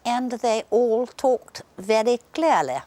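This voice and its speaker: A woman's voice: a little high, animated, slow pace, warm tone, no room sound. Wry woman musing on posh accents. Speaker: interviewee. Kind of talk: opinionated interview.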